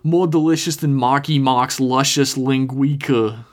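A man's voice: medium pitch, fairly even intonation, unhurried, close to an everyday voice. A man voicing a jokey, boisterous male sports fan in a put-on Boston accent, reading out a listener's email.

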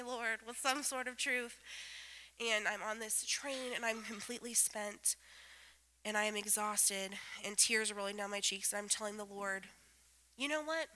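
Bright, animated woman telling a funny story. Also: mid-range voice, low-quality recording. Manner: animated, swings from loud exclamations to hushed asides; comic self-mocking delivery. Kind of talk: telling a personal anecdote to a group.

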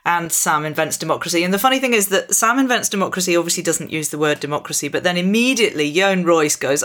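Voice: mid-range voice, animated, quick pace, few pauses, a bit bright. A co-host in casual podcast chat, wry and mocking as they agree along.

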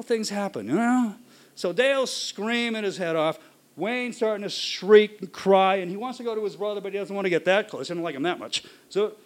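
A man telling a personal story live to an audience, animated and acting out shouts and voices. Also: sits high.

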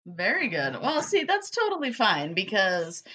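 Wry, bright-voiced woman co-host. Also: mid-range voice, wildly swooping pitch, a little slow, husky. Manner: wry, joking, swears casually. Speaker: podcast co-host. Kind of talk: casual chat.

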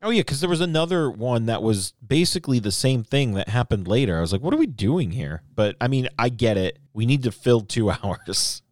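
A man co-hosting a podcast in casual chat, low-key with dry remarks. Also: lively intonation, a little fast, hardly any pauses, dry recording. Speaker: podcast co-host.

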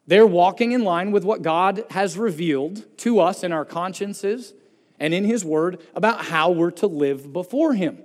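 Guy preaching in a church, kinda higher voice, big echoey hall, gets loud on the key words then drops way down. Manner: earnest preaching, rises for emphasis and drops low to close points. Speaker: pastor. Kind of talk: sermon. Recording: long reverb of a church hall.

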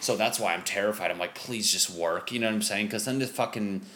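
A man's voice: lowish voice, quick pace, fairly bright tone, a little hiss or hum. A young man, a stand-up comic, talking loosely on a podcast, full of fillers and swearing. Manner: loose, rambling, profane, lots of fillers. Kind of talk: casual podcast chat.

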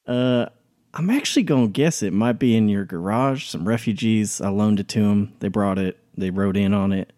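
A man's voice: on the low side, normal speed, mellow. A man playing a tabletop game character, easygoing and drawling. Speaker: player.

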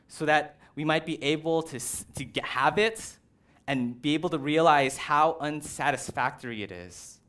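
A man preaching a conversational sermon in a casual, animated way, with personal stories. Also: medium pitch. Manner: casual, animated, uses "like" and "right".

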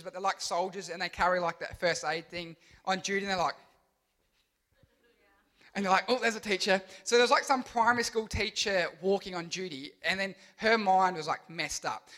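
An animated young man preaching to youth, with a high voice. He tells Bible stories in a lively, joking way, throwing in sound effects and silly voices. His tone is bright and forceful. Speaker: youth pastor. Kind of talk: energetic youth sermon.

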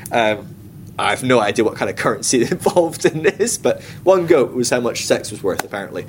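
A man leading a Bible study class in a casual, chatty way, full of comic asides and quick acted-out quotes. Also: mid-range voice, animated, slight background noise.

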